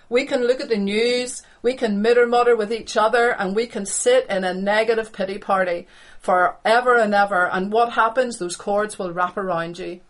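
A middle-aged woman preaches a sermon at a mid-range pitch. She delivers it with passion, says key phrases twice for weight, and swings from hushed, lowered lines to loud, high exclamations. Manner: impassioned, repeats phrases for emphasis, swings between hushed and loud.

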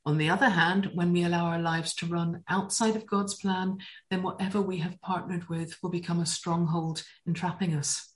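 A woman giving a teaching talk on Hebrew words, enthusiastic and telling stories in a lively way. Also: lowish voice, normal speed, rough recording. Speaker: Bible teacher.

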